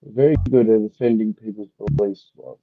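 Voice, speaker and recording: A man's voice: fairly low pitch, big pitch swings, moderate pace, no room sound, narrow, tinny audio. A man co-hosting a livestream, chatting casually, swearing a lot and telling crude jokes. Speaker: livestream co-host. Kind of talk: casual chat.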